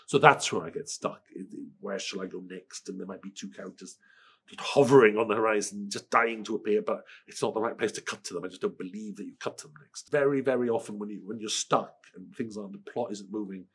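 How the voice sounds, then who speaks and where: A middle-aged Welsh man with a cold, answering interview questions in a lively way, often restarting and repeating words. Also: lowish voice, fast, husky. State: has a cold. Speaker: screenwriter interviewee.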